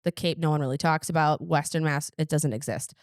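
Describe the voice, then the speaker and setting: A woman's voice: low-pitched, steady tone, a little fast, a little mellow, no echo, clean studio sound. A woman with a Boston accent hosting a casual podcast chat, rambling and restarting as she talks. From Boston area. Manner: chatty, rambling with many restarts. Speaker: podcast host.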